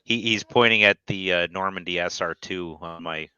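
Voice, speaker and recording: A very deep-voiced man with a crisp, smooth and bright tone, speaking easygoing and soft as he coaxes his child. The audio is dry and a bit dull, like a home call mic. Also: normal speed, dry recording. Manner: easygoing, softly coaxing his small child. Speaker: guest on the chat, a father. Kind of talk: casual chat.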